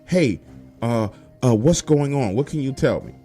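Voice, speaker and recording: A man's voice: medium pitch, animated, measured pace, warm tone, soft background music, close to an everyday voice. A man doing a worried wife at the door. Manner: anxious, hesitant questions.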